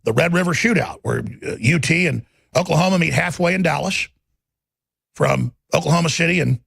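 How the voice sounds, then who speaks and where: A man hosting a political talk show, combative and rambling in his monologue, with a gravelly, husky voice. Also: fairly high pitch, fairly quick, fairly bright tone, a little hiss or hum.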